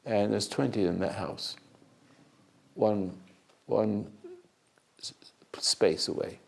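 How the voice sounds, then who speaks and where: Older male teacher, gravelly and husky, slow halting sermon-like delivery. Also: fairly low pitch, fairly even intonation. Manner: slow storytelling with many restarts and hesitations. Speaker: spiritual teacher. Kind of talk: unscripted sermon-like talk.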